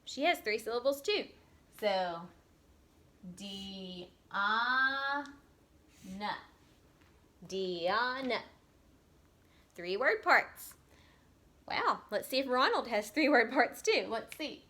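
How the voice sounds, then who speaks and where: A woman teacher giving a recorded lesson to young children, patiently stretching out words so they can be heard clearly. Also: on the high side, big pitch swings, sharp tone. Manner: slow, patient, drawn-out sounding of words.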